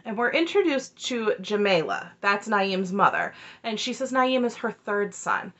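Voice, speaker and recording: A woman's voice: medium pitch, lively intonation, unhurried, a bit bright. Woman, mid-range voice, casual TV recap, opinionated and wry, slightly muffled lo-fi audio. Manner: chatty and opinionated, with wry asides. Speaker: reality TV recap host.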